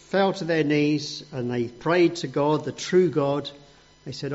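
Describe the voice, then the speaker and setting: A man telling a story to a group of children in an animated, playful way. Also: fairly high pitch, slow pace, lo-fi sound.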